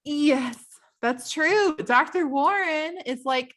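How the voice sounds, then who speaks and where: A woman co-hosting a book club podcast, chatting casually and retelling the plot with quick asides and frequent laughter. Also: medium pitch, animated, fairly bright tone. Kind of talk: casual chat.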